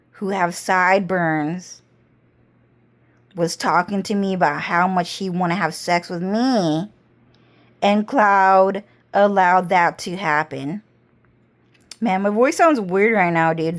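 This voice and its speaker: Slow, rambling, foul-mouthed woman. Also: mid-range voice. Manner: rambling, heavy cursing, slow drawl. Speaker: vlogger. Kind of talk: casual storytelling monologue.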